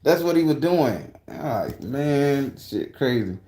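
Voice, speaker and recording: A man vlogging outdoors in a park, telling an excitable, profane, rambling story full of restarts. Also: mid-range voice, slow, reverberant. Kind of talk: animated personal storytelling.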